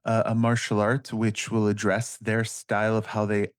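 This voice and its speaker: A man's voice: lowish voice, completely flat delivery, moderate pace, smooth, no room sound, studio quality. A man with a Canadian accent, a grappling guest chatting loosely and jokily, with plenty of fillers and restarts. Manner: rambling, jokey, many fillers and restarts. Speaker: podcast guest, grappling expert. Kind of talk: casual interview chat.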